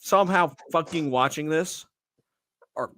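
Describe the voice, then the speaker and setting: A man hosting a political podcast, talking in a loud, profane and combative way. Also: a little high, unhurried, no echo. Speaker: podcast host. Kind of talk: crude political podcast banter.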